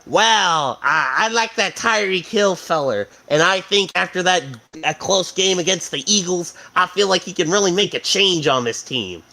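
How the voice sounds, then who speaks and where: A man's voice: sits high, lively intonation, normal speed, gravelly, few pauses, pushed and bright, voice pushed up, exaggerated voice. A man doing a folksy old team owner's drawl. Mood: smug. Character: folksy older male football team owner.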